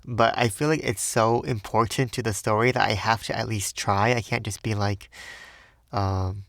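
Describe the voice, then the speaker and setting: A man's voice: lowish voice, fairly even intonation, normal speed, creaky, a bit bright, dry recording. A man who narrates audiobooks, reading and then chatting casually in a rambling, self-deprecating way full of fillers.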